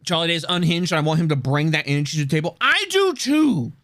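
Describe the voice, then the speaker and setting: A man streaming live, reacting loudly with lots of swearing and laughter. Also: fairly high pitch, very animated, quick pace, no room sound. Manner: loud, profane, laughing often.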